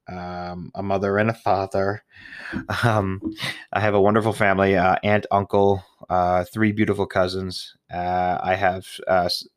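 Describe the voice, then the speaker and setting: A young man with a deep, low voice talks casually into a close mic, recorded dry with no room sound. He rambles and swears and pokes fun at himself, and he sounds nervous. His talk is full of fillers and sniffles. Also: level tone, normal speed, dry recording. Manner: rambling, profane, self-mocking, with fillers and sniffles. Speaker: podcast host. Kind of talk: casual solo podcast chat.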